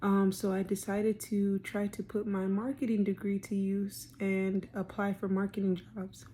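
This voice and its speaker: A woman's voice: medium pitch, flat delivery, unhurried, mellow, a little hiss or hum. A woman in her thirties, heavily pregnant and out of breath, talking candidly into a phone camera for a video diary, rambling with many ums. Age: 30s. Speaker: vlogger. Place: parked car, then at home.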